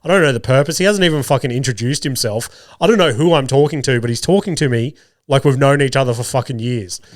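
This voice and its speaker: A man's voice: medium pitch, quick pace, no echo, studio quality. A man in his thirties with an Australian accent, hosting a podcast while sick, telling stories in a sweary, self-deprecating way. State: sick, voice rough. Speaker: podcast host. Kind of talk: casual storytelling monologue.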